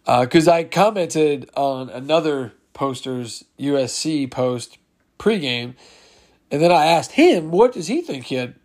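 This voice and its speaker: A man hosting a laid-back solo sports podcast, his voice sitting a little high for a man. He chats loosely as he reads out listener replies, chuckling along with them. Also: lively intonation, unhurried, darkish tone. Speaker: podcast host. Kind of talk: casual solo podcast chat.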